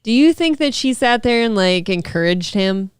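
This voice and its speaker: A woman's voice: a little high, animated, moderate pace, clear, resonant tone, no echo, clean studio sound. A woman co-hosting a live-streamed talk show, chatting casually and throwing in teasing quips. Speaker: show co-host.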